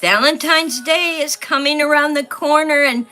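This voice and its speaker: A woman's voice: sits high, moderate pace, sharp tone, soft background music. A middle-aged woman, hosting a casual livestream and reading viewer comments aloud as she chats. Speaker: livestream host. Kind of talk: casual livestream chat while coloring.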